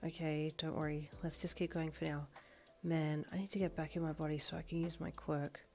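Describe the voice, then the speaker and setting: A woman's voice: flat delivery, normal speed. Woman reading as a wry young heroine, whispered role-play. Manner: soft, low, half-whispered asides. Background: faint background music.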